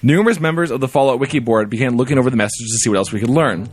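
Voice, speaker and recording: A man co-hosting a casual podcast, reading a listener email aloud with playful, animated storytelling. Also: medium pitch, very fast, slightly rough. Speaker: podcast co-host.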